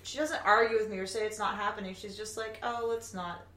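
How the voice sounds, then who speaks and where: A woman telling her own stories in an animated way, swearing now and then, in a casual group chat. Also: medium pitch, fast. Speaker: guest. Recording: echoey room, faint background noise.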